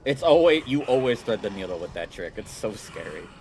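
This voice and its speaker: A man with a lowish voice and brisk pace gives casual, chatty commentary as a gaming streamer, explaining his strategy with playful asides. There's steady background noise throughout.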